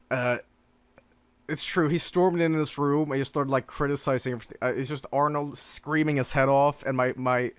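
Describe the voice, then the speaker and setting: A young man casually telling stories on a stream, halting and swearing, breaking into laughter. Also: mid-range voice, fairly bright tone, smooth, dry recording. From Sweden.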